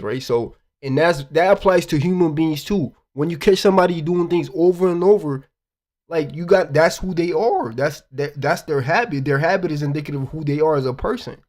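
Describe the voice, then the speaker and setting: A man hosting reaction commentary, animated and slangy, swearing and talking straight to his viewers. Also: on the high side. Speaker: commentary host.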